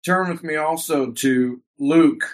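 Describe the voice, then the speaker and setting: A man's voice: a little high, slow pace, a little mellow. A man preaching a sermon with fervor and emphatic repetition, calling his congregation by a Hebrew word. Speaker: pastor.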